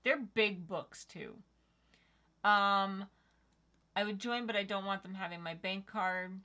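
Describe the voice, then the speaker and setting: A woman's voice: mid-range voice, takes it slowly, pushed and bright. A young woman co-hosting a casual livestream, reading viewer comments aloud and chatting. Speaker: livestream co-host reading chat.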